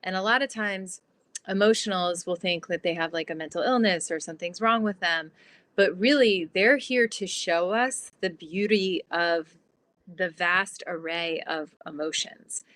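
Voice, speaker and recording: A woman guest on an interview podcast, explaining her ideas in a lively, chatty way with lots of "like". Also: lowish voice, unhurried. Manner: animated, explanatory, fillers like "like". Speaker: guest, transformation guide.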